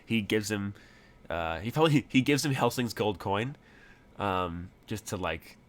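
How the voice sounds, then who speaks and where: Rambling low-voiced man game master. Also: expressive, measured pace. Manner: rambling, many fillers. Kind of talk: narrating a tabletop game.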